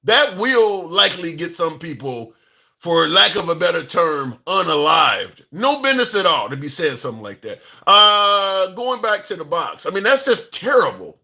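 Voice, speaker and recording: A man's voice: sits high, sing-song, moderate pace, vocal fry, sharp tone. A man hosting a political call-in livestream, reacting to chat messages and repeating his points for emphasis. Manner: talks back to chat and callers, restarts and emphatic repeats. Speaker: call-in show host. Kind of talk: casual political commentary.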